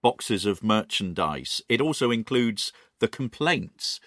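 A man's voice: fairly low pitch, very animated, slow, a bit bright, no echo, studio quality. A British man co-hosting a casual chat, telling stories with many ums and restarts. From Britain. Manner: hesitant, lots of ums and restarts. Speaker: podcast co-host.

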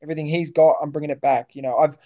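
A man's voice: a little high, rapid-fire, muffled recording. An Australian man, a boxer, talking casually and confidently in an interview, calling his host mate. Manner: relaxed, matey, confident.

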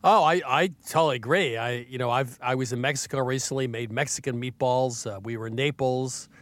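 A man's voice: mid-range voice, a little fast, no room sound. A man hosting a radio show, chatting casually and in a joking way, with stammered restarts. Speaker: radio host. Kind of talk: radio interview.

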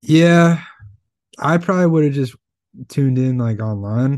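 A man's voice: mid-range voice, a little slow, darkish tone, no room sound. A young man co-hosting a podcast, teasing and laughing often. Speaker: podcast co-host. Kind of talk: casual chat.

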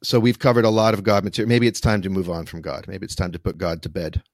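Low-voiced man chatting on a podcast. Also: level tone, quick pace, no echo, studio quality. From United States. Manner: rambling, self-interrupting, laughs often. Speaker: podcast co-host. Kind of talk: casual conversation.

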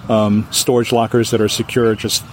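A man from Hawaii, a storyteller, telling a ghost story with vivid, animated narration. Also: lowish voice, moderate pace, slight background noise. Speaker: storyteller guest.

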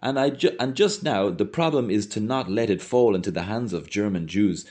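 A man's voice: lowish voice, animated, moderate pace, a little mellow, close to an everyday voice. A man voicing a polite, earnest young Englishman with a mannered way of speaking.

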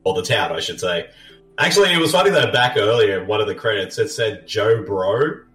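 A man's voice: fairly low pitch, expressive, brisk, fairly bright tone. A man hosting a casual movie commentary. He is chatty, laughs often and trails off with ums and uhs. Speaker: podcast host. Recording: roomy, distant mic with faint music.

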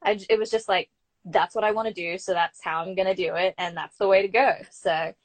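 A young Australian woman, an actor, telling her story in a chatty, animated way as an interview guest. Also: mid-range voice, fairly quick. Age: young adult. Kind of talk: casual interview chat.

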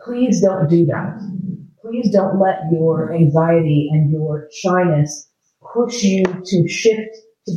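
Frank, slightly high-voiced man lecturing. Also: dark tone. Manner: frank and funny, with casual swearing. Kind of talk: candid live lecture with personal stories. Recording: echoey, dull lo-fi room recording.

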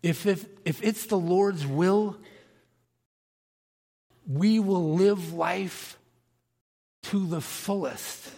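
A man's voice: sits high, extremely slow, long pauses, mellow. A man, a pastor, preaching a conversational sermon and asking his congregation questions. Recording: long reverb of a large hall.

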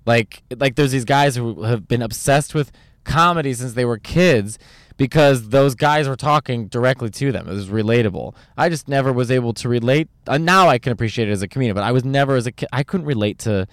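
Male stand-up comic, animated podcast chatter, smooth clear voice. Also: mid-range voice, no echo, clean studio sound. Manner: animated, rapid, full of restarts and impressions. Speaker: stand-up comedian. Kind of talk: casual podcast chat.

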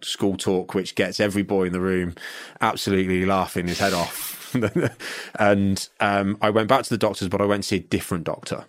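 A middle-aged man spins a long story in casual chat. His voice sits very low, and the recording is dry and close. He restarts his sentences often and slips into the voices of the people he quotes. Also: no room sound. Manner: chatty, restarts often and acts out other people's lines.

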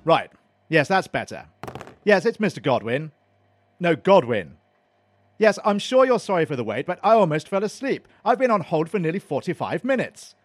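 A man's voice: fairly high pitch, sing-song, moderate pace. A man playing a prim, put-upon man who mutters to himself and turns sarcastic, in a comedy audio drama. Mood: fussy.

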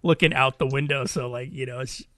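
A man on a podcast tells a loose, rambling story, breaking into quoted voices and laughing as he goes. His voice sits at an everyday middle pitch and is recorded dry and close, with no room sound at all. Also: fairly even intonation, a little fast, fairly bright tone, no echo. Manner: rambling anecdote told with acted-out quotes and laughter. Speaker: podcast co-host. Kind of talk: casual chat, storytelling.

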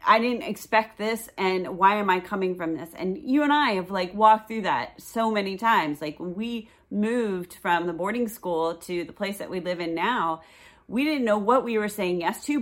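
Chatty woman teaching a Bible study. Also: lowish voice. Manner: chatty, conversational, reads scripture aloud. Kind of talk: casual Bible study talk.

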